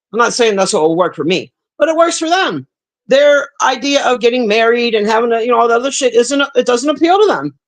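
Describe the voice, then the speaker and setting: Brief: woman streamer, blunt and profane, chatting straight to her viewers, sighing between points. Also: medium pitch. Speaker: livestreamer reading chat. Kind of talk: casual livestream rant.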